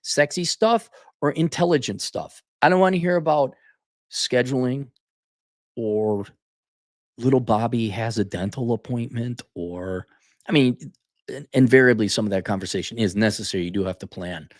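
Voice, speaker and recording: A man hosting a casual opinion monologue, blunt and animated, often restarting his sentences. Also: mid-range voice, normal speed, no echo, studio quality. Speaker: podcast host.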